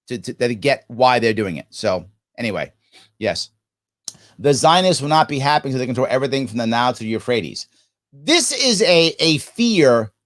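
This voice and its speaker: A man hosting a live stream, reading viewer comments and giving emphatic commentary, acting out the quoted voices. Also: on the high side. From United States. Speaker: host.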